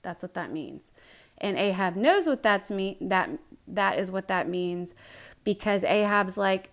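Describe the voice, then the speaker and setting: Casual woman Bible teacher, conversational retelling with a smooth tone. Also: mid-range voice, lively intonation, measured pace. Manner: chatty, jokey retelling.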